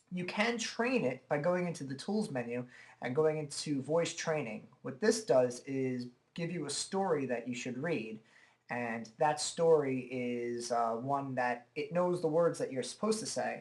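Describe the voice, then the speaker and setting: A man giving a relaxed, chatty walkthrough of software at his computer, talking into a desk microphone and filling pauses with "uh" and "okay". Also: medium pitch. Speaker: software tutorial presenter. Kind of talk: casual screen-recorded software demo.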